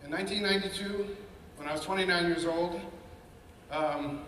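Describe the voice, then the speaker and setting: Man in his fifties, a bit high-voiced, animated storyteller, heard from afar in a big echoey hall. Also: moderate pace, distant mic, slight background noise. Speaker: panel speaker. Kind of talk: personal storytelling talk.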